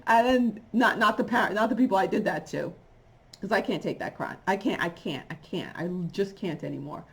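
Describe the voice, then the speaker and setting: A woman's voice: mid-range voice, a little fast, vocal fry. A middle-aged woman, a holistic coach, talking to camera in a blunt, rambling, conversational way. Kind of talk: casual monologue to camera.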